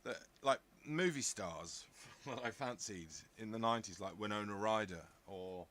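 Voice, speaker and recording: Bloke in his fifties rambling on a podcast, bright punchy voice, lots of jokey asides. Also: lowish voice, moderate pace. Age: 50s. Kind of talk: casual chat.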